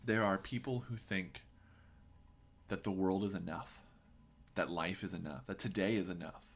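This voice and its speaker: A man with a low, steady voice hosts a poetry podcast at a moderate pace. His reflective commentary on a poem is earnest and emphatic, often punctuated by a rhetorical "right?"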